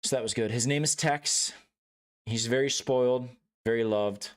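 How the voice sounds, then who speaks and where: A man's voice: mid-range voice, normal speed. A young man streaming a game, telling stories in casual chat that rambles, swears freely and breaks into laughs and acted-out outbursts. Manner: rambling, profane, laughs often, acts out outbursts. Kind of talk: casual chat while gaming.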